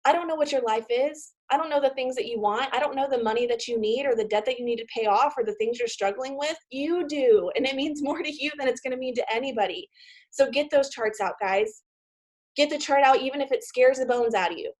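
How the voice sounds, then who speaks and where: A woman giving an emotional, excitable motivational talk to her sales team over a video call. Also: high voice, brisk. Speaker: team leader.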